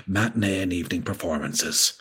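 A man reading a story aloud, voicing a fey, thin, theatrical son with a raspy voice. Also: low voice, a little fast, fairly bright tone, exaggerated voice. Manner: flamboyant, grandly theatrical.

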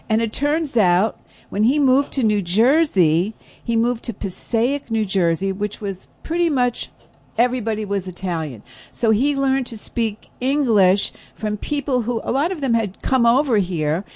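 A woman's voice: a little high, animated, moderate pace, darkish tone. A chatty woman telling stories in a casual radio conversation. She laughs easily and talks in a friendly, rambling way. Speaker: radio show host, guest. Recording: broadcast radio studio.

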